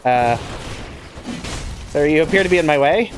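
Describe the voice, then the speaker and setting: A man's voice: a little high, moderate pace, background noise. A man giving wry, self-mocking let's play commentary as he plays through a game. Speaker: gamer playing a randomizer.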